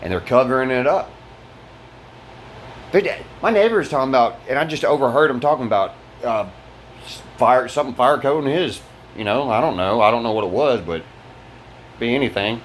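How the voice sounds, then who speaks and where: A man's voice: medium pitch, expressive, brisk, long pauses, slight background noise. Angry swearing man venting. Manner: frustrated, swearing, rambling restarts. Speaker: vlogger. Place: fire-damaged apartment.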